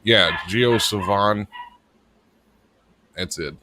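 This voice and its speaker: A man's voice: lowish voice, takes it slowly, background noise. A man co-hosting a live internet radio stream as its producer, rambling and joking with casual swearing. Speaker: producer and co-host.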